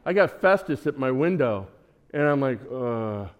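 A man in his sixties preaches a sermon built around a personal story, animatedly acting out his own prayers and conversations. His medium-pitched voice moves at a measured pace, and the high frequencies in the recording are cut off.

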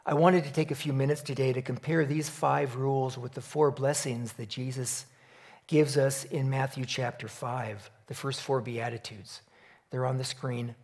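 A man giving a sermon in a relaxed storytelling manner, opening with a joke before turning earnest and reflective. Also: mid-range voice, normal speed. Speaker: preacher.

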